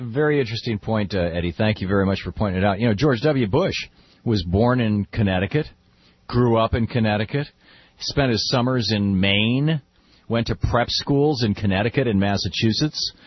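Husky opinionated radio host, man. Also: fairly low pitch, no room sound, lo-fi sound. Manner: opinionated, fast with frequent restarts. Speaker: radio talk show host. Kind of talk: political call-in talk.

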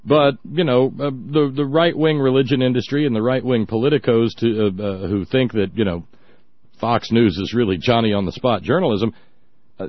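A man's voice: medium pitch, moderate pace, no room sound. A man hosting a talk show, mocking the clips he plays and breaking into laughter and silly voices, on a dull lo-fi recording. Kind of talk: sarcastic commentary on clips.

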